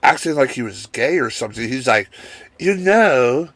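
A man's voice: mid-range voice, fast, slightly rough, no room sound. Profane storytelling man on a dry mic. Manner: profane, animated, acts out the people in his stories. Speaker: guest, wrestler telling work stories. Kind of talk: casual podcast storytelling.

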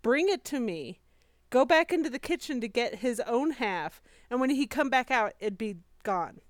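A woman's voice: fairly high pitch, expressive, moderate pace, dry recording. A woman in her thirties co-hosting a casual fan chat about a TV show, chatty and laughing at her own stories. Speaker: podcast co-host.

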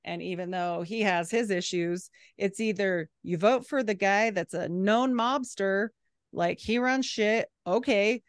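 A woman's voice: mid-range voice, measured pace, clean tone, dry recording, studio quality. A woman in casual podcast chat, talking bluntly and filling her sentences with "like". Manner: blunt, chatty, heavy use of "like".

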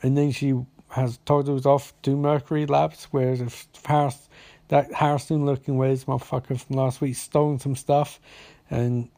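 A man talks through a TV episode in a loose, unscripted ramble, his voice sitting at an ordinary middle pitch. He is sarcastic and profane, stumbling over names and restarting his sentences. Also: little pitch movement, normal speed, vocal fry, mellow, no room sound. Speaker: TV episode recapper. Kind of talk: casual rambling recap.

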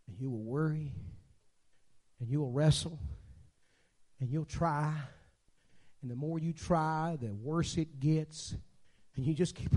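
A man in his sixties preaching a sermon as a guest preacher, telling stories and swinging between quiet talk and shouting. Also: on the high side, slow pace, long pauses.

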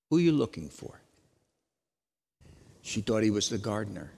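A man preaching an Easter sermon as pastor, dramatic, moving from loud questions to hushed lines. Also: fairly low pitch, very animated, normal speed, gravelly, big-room sound.

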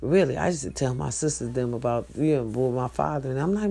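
Woman, gravelly, dark-toned, blunt profane vlogger. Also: very deep voice, fairly quick, hardly any pauses. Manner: profane, blunt, animated preaching. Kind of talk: casual advice rant to viewers.

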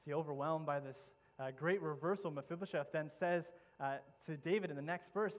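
A man's voice: on the high side, brisk, hardly any pauses, rough recording. A male pastor preaching a sermon, retelling a story dramatically with frequent repeats and restarts.

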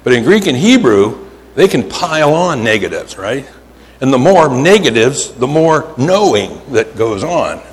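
Male preacher, Pennsylvania accent, animated and emphatic, long reverb of a big hall. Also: mid-range voice. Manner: animated storytelling, drawn-out emphatic words, frequent "right?". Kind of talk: sermon. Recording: hall reverb, faint ambience.

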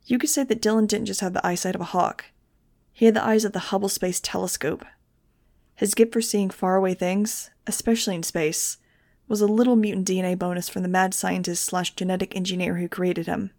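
A woman reading a novel aloud in the first person, with a steady, measured delivery. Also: mid-range voice, creaky, no echo, studio quality. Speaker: audiobook reader.

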